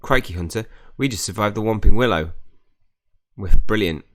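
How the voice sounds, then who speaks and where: A man voicing a brave, excitable young female student friend with urgent exclamations. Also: fairly low pitch, moderate pace, close to an everyday voice. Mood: alarmed.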